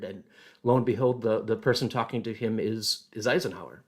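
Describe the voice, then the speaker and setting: A man presenting a casual history talk, halting and thinking aloud with many fillers. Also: on the low side, steady tone.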